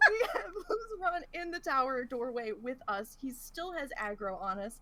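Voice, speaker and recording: A woman co-hosting a podcast, retelling a gaming mishap in a lively, laughing way. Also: sits high, moderate pace, hardly any pauses, very noisy. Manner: animated, laughs through the story. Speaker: podcast co-host. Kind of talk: casual storytelling chat.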